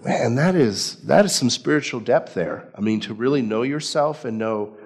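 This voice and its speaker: A man preaching a sermon in a conversational, animated way, acting out quotes as he goes. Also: medium pitch, normal speed, few pauses, breathy edge. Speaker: pastor.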